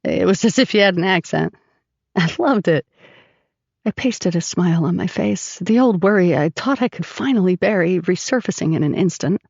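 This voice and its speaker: Female audiobook narrator, gravelly, measured delivery, dry muffled sound. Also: lowish voice, lively intonation, darkish tone, dry recording. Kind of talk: first-person audiobook narration. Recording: dry, slightly dull recording.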